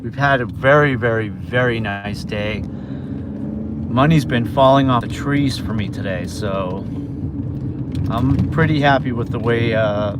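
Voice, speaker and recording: A man from New York chatting casually with viewers on a livestream while he drives deliveries in his car, with road noise behind him. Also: mid-range voice. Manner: chatty, talks to viewers while reading orders aloud. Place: inside a car on city streets. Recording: phone mic with road noise. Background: car and traffic noise.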